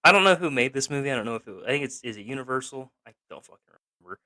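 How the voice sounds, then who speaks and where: Man, podcast co-host, casual profane chat, rambling, dry close mic, bright voice. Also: mid-range voice, lively intonation, no room sound. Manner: rambling, laughing, quick to act out characters. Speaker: podcast co-host recapping a film.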